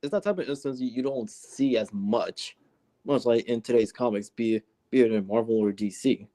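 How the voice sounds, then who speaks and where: A man co-hosting a laid-back comic book chat. He has a mid-range voice and speaks haltingly, restarting his sentences as he works out his point. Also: mid-range voice, mellow. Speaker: co-host. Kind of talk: casual chat reviewing a comic.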